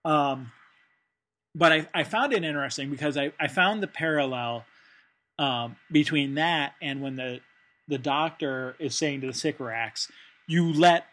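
A man's voice: fairly high pitch, normal speed, bright, forceful tone. A man co-hosting a casual discussion, thinking aloud with frequent fillers and restarts. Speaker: podcast co-host.

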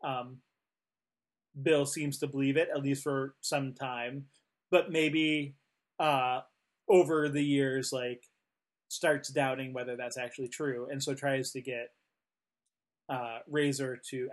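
Man, podcast co-host, slow and halting, full of "um"s. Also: medium pitch. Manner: hesitant, many fillers and restarts. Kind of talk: casual discussion.

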